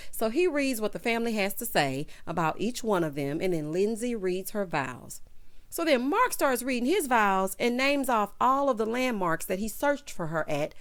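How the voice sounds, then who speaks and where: A woman giving a sassy, chatty recap of a reality TV episode, acting out the cast's lines as she goes. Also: on the high side. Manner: sassy, animated, acts out cast quotes. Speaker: show recap host. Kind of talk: casual TV recap commentary.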